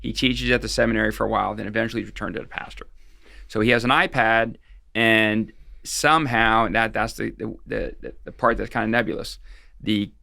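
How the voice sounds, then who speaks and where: A man's voice: fairly low pitch, creaky, pushed and bright, dry recording, studio quality. A middle-aged man, a guest expert on financial fraud, recounting cases in a casual interview, rambling along with frequent restarts and fillers.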